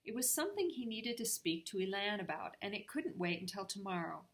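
An older woman, a grandmother, reading a storybook aloud to her grandchildren in a steady, clear way. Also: medium pitch, fairly quick.

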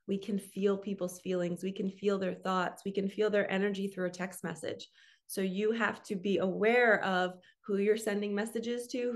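Earnest chatty spiritual coach woman. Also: mid-range voice. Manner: earnest, chatty, often adds "okay?" and "right?". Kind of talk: casual motivational talk to camera.

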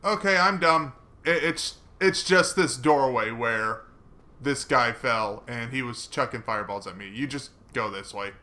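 A man giving casual, chatty commentary while playing a video game, mocking himself and breaking into excited swearing. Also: medium pitch, measured pace. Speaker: gaming let's player.

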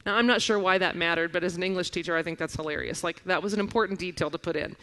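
A woman in her forties preaching a sermon, telling stories and reading scripture with lively expression. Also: lowish voice, racing. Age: 40s. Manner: animated storytelling, reading scripture aloud. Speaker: guest preacher.

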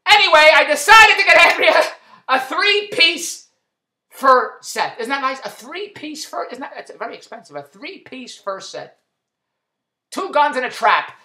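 Middle-aged man, comic birthday monologue, one-liner jokes, bright tense voice, echoey room. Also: extremely high pitch, sing-song. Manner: rapid-fire old-school joke telling, repeating punchlines. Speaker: husband sending a birthday message.

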